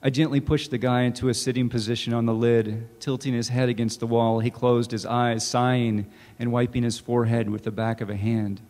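Man, author reading his fiction, measured, mid-pitched, reverberant hall. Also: flat delivery, darkish tone. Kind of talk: literary reading. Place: campus event hall.

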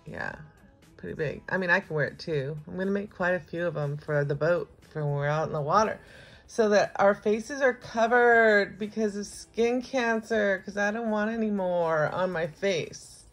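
A woman's voice: medium pitch, normal speed, faint music behind, poor audio. A cheerful, chatty woman vlogging on a phone, partly while out on a forest walk, cooing at her dog now and then. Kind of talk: casual chatty vlog.

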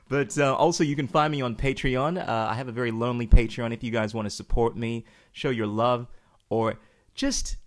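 A man hosting a podcast, talking in a chatty, joking way as he introduces his guest. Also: mid-range voice. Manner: chatty, jokey, self-promoting. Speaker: podcast host. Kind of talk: casual podcast chat.

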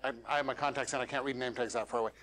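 A man's voice: medium pitch, fairly even intonation, very fast, fairly bright tone. A man giving a live workshop talk to a meetup audience, coaching directly and ending his points with questions. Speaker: featured speaker.

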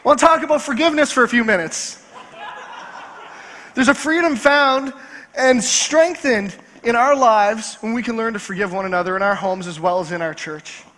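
A male pastor preaching a sermon in a church, driving points home by repeating key phrases slowly. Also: extremely high pitch, pushed and bright. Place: church sanctuary. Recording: long church hall reverb.

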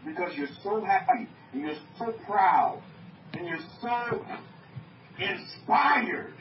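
A man's voice: high voice, big pitch swings, slow, noisy background. A man preaching to an online group, emphatic, repeating his phrases and asking his listeners questions. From North America. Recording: muffled, echoey, from far off.

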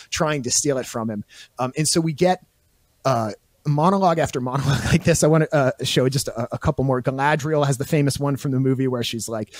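A man's voice: fairly high pitch, moderate pace, a little mellow, dry recording. Eager man explaining with lots of fillers. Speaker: podcast guest. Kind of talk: casual discussion.

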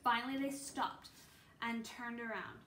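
Woman reading a kids' book, steady storyteller, bright, slightly high, roomy recording. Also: unhurried, slight background noise. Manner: steady storytelling with small slips. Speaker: reader. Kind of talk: children's book read-aloud. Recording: roomy with faint ambience.

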